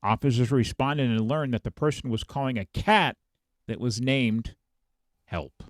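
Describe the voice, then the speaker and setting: A male podcast host reading out police blotter headlines in a casual, animated way, laughing as he goes. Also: mid-range voice, unhurried, no echo, studio quality.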